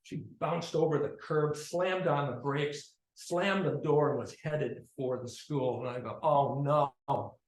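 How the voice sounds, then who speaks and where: A man telling a personal story in a conversational, animated way, his voice swinging between loud and quiet. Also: on the high side, a little slow, hardly any pauses, roomy sound, poor audio.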